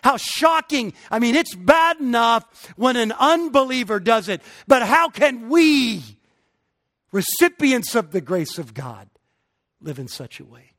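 A middle-aged man preaching a sermon, emphatic and building to forceful peaks. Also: extremely high pitch, sing-song, a little slow. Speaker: pastor.

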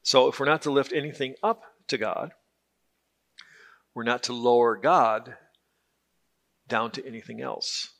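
A man's voice: mid-range voice, steady tone, unhurried, creaky, long pauses, fairly bright tone. A man teaching a Bible class in a conversational, joking way, often repeating words as he restarts.

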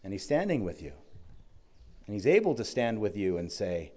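Mellow-voiced male pastor preaching. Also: fairly low pitch, sing-song, moderate pace, pauses often. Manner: storytelling, quietly voicing Jesus' words. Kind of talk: sermon.

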